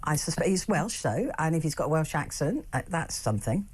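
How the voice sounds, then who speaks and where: A woman's voice: sits low, very animated, brisk, darkish tone, husky. A woman hosting a radio talk show from the studio, chatting through the newspapers in a teasing, frank way. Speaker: host. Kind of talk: casual chat reviewing newspapers.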